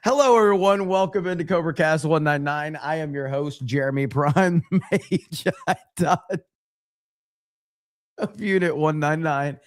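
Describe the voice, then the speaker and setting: A man's voice: a little high, measured pace. A man hosting a casual livestream podcast, laughing often and rambling as he reads out viewer messages. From United States.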